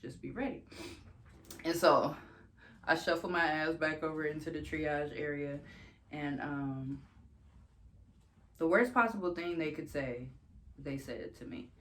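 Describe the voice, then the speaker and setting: A woman's voice: unhurried, long pauses, a bit bright, a little hiss or hum. A young woman vlogging, telling a personal story in a casual, candid way, swearing freely and laughing between sentences. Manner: jumps much higher when quoting herself.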